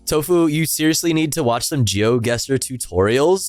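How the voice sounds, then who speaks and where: A man's voice: mid-range voice, expressive, moderate pace, hardly any pauses, darkish tone, dry recording, faint music behind. A man hosting a casual livestream, chatting with viewers, swearing offhandedly, trailing off and humming to himself. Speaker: livestream host. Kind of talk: casual stream chat, reading chat.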